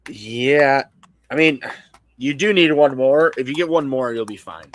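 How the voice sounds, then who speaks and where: A man's voice: mid-range voice, a little slow. A man co-hosting a casual live stream, crude and teasing, laughing often. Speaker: co-host.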